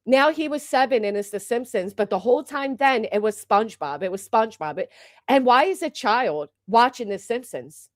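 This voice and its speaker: Her voice sits on the high side, animated and at normal speed, in a dry, studio-quality recording. Hosting a livestream, she's agitated and indignant, ranting with plenty of swearing.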